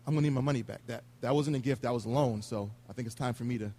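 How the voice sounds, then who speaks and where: A man's voice: medium pitch, racing, dark tone, breathy edge, lightly acted. A man voicing a casual, demanding king who calls in a debt in an offhand, blunt way.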